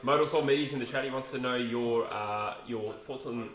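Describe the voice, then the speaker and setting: A man co-hosting a casual livestream, reading out chat in relaxed banter. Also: mid-range voice, moderate pace, soft background music. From Australia. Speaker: co-host of livestream. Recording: echoey room.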